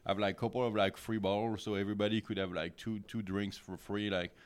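Rambling low-voiced man, smooth and dry. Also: little pitch movement, brisk, no echo. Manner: rambling, many fillers. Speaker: guest. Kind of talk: casual chat.

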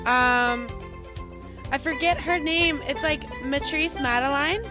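A woman guest on a studio talk show, hesitant and giggly, filling pauses with ums. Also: high-pitched, over loud music. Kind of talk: casual studio chat.

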